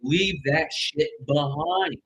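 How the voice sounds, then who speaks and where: A man's voice: fairly high pitch, slow pace, fairly bright tone, a little hiss or hum, poor audio. A man giving a casual online tarot reading, blunt and profane, with loose, rambling phrasing. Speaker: tarot reader.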